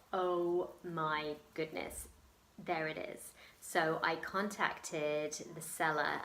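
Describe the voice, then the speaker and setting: Chatty English woman with a low voice. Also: pushed and bright, echoey room. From England. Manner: chatty, emotional, many ums and laughs. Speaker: vlogger. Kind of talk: casual storytelling vlog.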